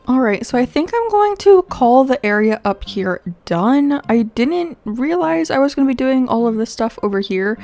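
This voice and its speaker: A young woman talks through her video game in a relaxed, rambling way. Her voice sounds stuffy and congested from sniffling, and she keeps thinking aloud as she decides where things go. Soft game music plays faintly behind her. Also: on the high side. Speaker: gaming video host. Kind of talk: casual gameplay commentary.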